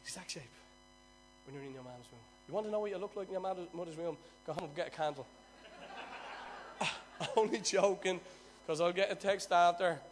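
An Irish man preaching a sermon, telling stories with loud bursts and quiet asides. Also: high voice, a little fast, pauses often, music in the background.

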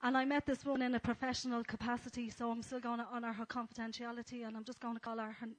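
Woman, church speaker, gentle and flat-toned. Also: on the high side, very fast, rough recording. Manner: earnest and gentle, with frequent fillers. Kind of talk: sermon talk.

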